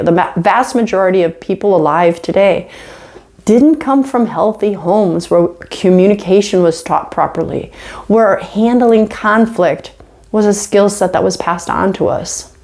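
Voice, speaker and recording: A middle-aged woman and college instructor giving a conversational lecture video, animated and chatty with self-mocking asides. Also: medium pitch, moderate pace.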